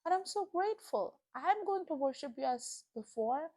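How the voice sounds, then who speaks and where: Young woman, casual testimony vlog, earnest and emotional, high-ish voice, dry close sound. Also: expressive, normal speed, mellow, no echo. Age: young adult. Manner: earnest and emotional, chatty with many fillers. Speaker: Christian vlogger.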